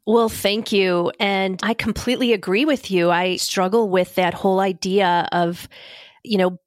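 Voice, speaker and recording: A woman's voice: mid-range voice, fairly even intonation, a little slow, dry recording, clean studio sound. A woman guest on a podcast with a nasal, congested voice, still getting over a cold and speaking openly and earnestly. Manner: open, earnest, candid. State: recovering from a cold, head plugged up. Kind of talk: casual conversation.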